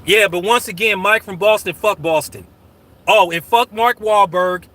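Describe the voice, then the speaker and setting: A man talks on his livestream in a high, piercingly bright voice. He is profane, slangy and combative, calling out chat and telling his moderators to remove people. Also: normal speed. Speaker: channel host. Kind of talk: casual livestream talk.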